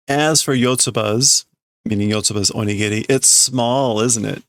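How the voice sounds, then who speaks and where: A man's voice: lowish voice, moderate pace, a bit bright, dry recording, studio quality. A man streaming himself reading a comic aloud and translating as he goes, hesitant and self-correcting. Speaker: streamer learning Japanese.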